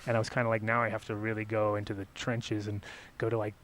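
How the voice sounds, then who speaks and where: A man's voice: lowish voice, fast talker. A middle-aged man hosting a podcast, telling stories casually and swearing freely. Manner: animated, swears freely, lots of fillers. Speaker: podcast host. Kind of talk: casual storytelling.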